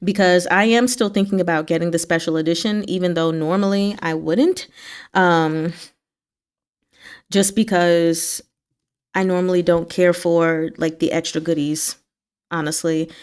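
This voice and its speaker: A woman with a slightly low voice hosts a relaxed book club livestream. She chats loosely and answers her viewers' comments. Her pitch keeps leaping up on exclamations before it settles back down. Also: a little slow, clear, resonant tone. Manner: chatty, animated pitch swings, talks back to chat. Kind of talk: casual livestream chat with viewers.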